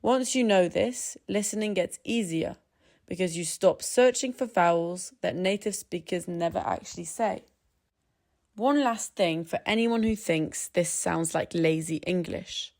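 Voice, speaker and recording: A woman narrating a scripted English pronunciation tutorial. She speaks in a calm, measured way and slows down to demonstrate sounds. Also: lowish voice, creaky.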